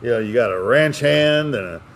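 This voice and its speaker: A man's voice: mid-range voice, moderate pace. A man co-hosting a podcast, chatting casually and telling jokes with lots of laughter. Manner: animated joke-telling, laughs often. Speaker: podcast co-host. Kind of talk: casual chat.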